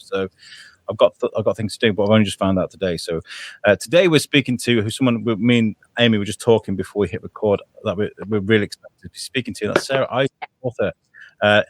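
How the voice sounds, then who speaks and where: A man's voice: on the low side, no room sound. A man hosting a podcast in a chatty, rambling way, laughing often. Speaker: podcast host. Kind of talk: casual chat.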